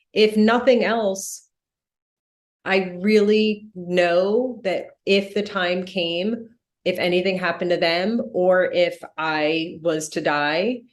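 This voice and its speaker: A woman in her forties, a death doula talking in a podcast interview, speaking earnestly and reflectively. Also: medium pitch. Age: 40s. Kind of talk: candid podcast conversation.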